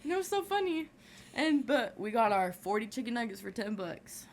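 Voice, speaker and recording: A woman's voice: a little high, sing-song, moderate pace, slight background noise. A teenage girl, a guest, telling a story in casual, slangy chat and acting out the other people's voices. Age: teens.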